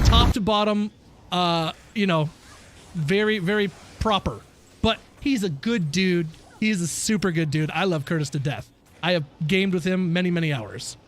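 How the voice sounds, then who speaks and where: A man streaming a video game, chatting casually with viewers, ranting and swearing freely and laughing at himself. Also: sits high. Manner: reads and answers chat while playing. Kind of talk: casual live-stream chat.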